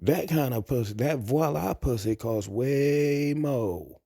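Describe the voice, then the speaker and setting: Man, blunt crude rambling talk, mellow dark tone, dry close sound. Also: medium pitch, lively intonation, slow pace, creaky, no room sound. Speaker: vlogger. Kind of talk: casual monologue.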